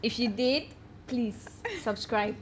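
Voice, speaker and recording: A woman's voice: on the high side, fairly even intonation, takes it slowly, slight background noise. A woman hosting a podcast, chatting casually and animatedly, laughing often and repeating herself for emphasis. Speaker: podcast host. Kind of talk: casual chat.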